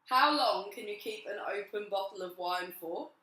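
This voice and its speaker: A young woman in her twenties chatting casually to camera as a vlogger, giggly and rambling, her voice a little hoarse. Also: medium pitch, moderate pace, bright, forceful tone, a little hiss or hum. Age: 20s. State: voice going hoarse. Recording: roomy echo.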